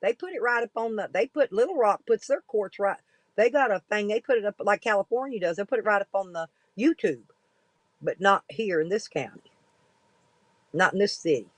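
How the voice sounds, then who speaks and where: A woman's voice: mid-range voice, expressive, brisk, no echo, poor audio. A woman, talking casually and bluntly to viewers in a folksy, rambling way, with some cursing. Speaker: livestreaming vlogger.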